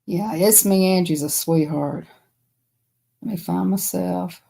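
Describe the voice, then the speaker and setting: A woman's voice: on the low side, takes it slowly, gravelly, dark tone. A woman with a Southern US accent chatting casually on a live stream, telling stories to her viewers and laughing often.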